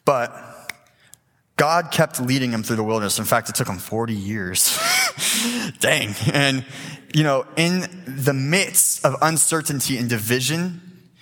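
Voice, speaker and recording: An eighteen-year-old man giving a casual, animated sermon as a youth preacher, acting out voices as he tells the story. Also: mid-range voice, measured pace, long pauses. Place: church sanctuary. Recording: reverberant church hall.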